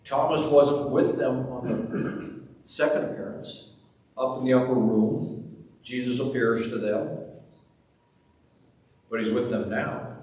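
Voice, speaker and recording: A pastor delivers a slow, deliberate sermon and retells scenes with drama. His voice carries through a long, reverberant church hall. The mic sits well away from him, with faint room ambience behind. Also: medium pitch, darkish tone, far from the mic.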